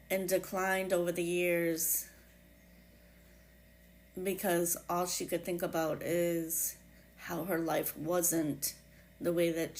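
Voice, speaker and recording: A woman with a New England accent hosting her own podcast, reflecting in a casual, halting way with many fillers and restarts. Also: fairly low pitch. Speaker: podcast host.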